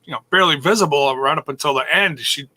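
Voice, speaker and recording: A man's voice: fairly high pitch, fast, pushed and bright. A man co-hosting a casual podcast, rambling and thinking aloud as he talks. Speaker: podcast co-host.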